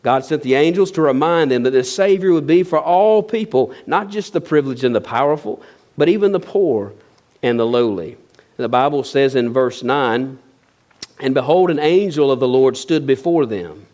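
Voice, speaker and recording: A man's voice: medium pitch, moderate pace, darkish tone. Guy preaching a sermon, chatty, lots of rhetorical questions, normal mid voice. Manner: conversational preaching with rhetorical questions and light laughs. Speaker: pastor.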